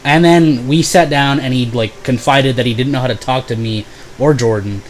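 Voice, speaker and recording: Young guy rambling thru a sweary story, mid pitch, lots of likes. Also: moderate pace, slight background noise. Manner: profane, rambling, filler-heavy; bursts into loud exaggerated impressions. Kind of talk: casual storytime.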